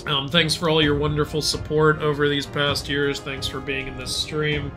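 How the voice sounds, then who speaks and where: A man's voice: a little high, completely flat delivery, moderate pace, music in the background. A man in his late twenties co-hosting a livestream, reading out chat messages and laughing often. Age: late 20s. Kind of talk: casual stream chat.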